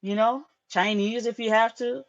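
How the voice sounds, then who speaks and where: A woman's voice: fairly high pitch, fairly even intonation, moderate pace, dull audio. Frank, profane woman chatting on a live stream. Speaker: tarot reader hosting a live stream. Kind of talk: casual live-stream chat.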